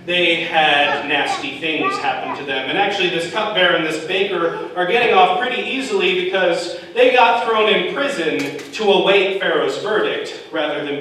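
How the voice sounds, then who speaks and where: A man preaching a sermon, telling a Bible story in a casual, joking way with quick asides. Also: fairly high pitch. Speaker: pastor. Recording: echoey room, far from the mic, noisy.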